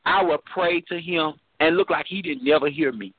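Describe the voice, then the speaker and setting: A man's voice: a little high, normal speed, a loud crowd. A man preaching fervently to a phone chat line, repeating and restarting his phrases, heard over a tinny phone connection. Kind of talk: informal preaching testimony.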